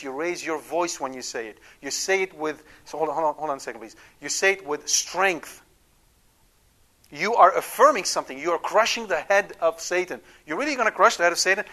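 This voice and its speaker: A man's voice: a little high, animated, a little fast, pushed and bright. A man giving an emphatic Catholic teaching talk, often checking in with his listeners. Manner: acts out quoted prayers. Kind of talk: catechetical talk.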